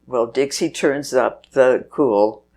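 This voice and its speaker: An older woman, a festival organizer appearing as a guest on an interview show, tells stories chattily and laughs along the way. Her voice is very deep, slow, and a little mellow.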